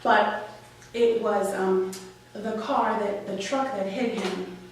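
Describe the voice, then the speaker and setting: Her voice medium-pitched and steady, a young woman takes it slowly as she tells a candid, wry, emotional personal tale at a live story slam. She's from Washington Heights, New York; the room echoes, the mic is distant, and there's faint ambience and slight background noise.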